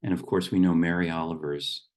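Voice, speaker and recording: A middle-aged man giving a gentle, unhurried reflective talk as a meditation teacher, with small restarts. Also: deep voice, fairly even intonation.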